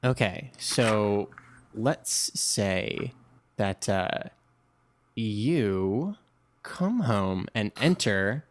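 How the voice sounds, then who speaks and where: A man's voice: lowish voice, lively intonation, drawn-out words. A man narrating a tabletop game as game master, rambling and full of fillers.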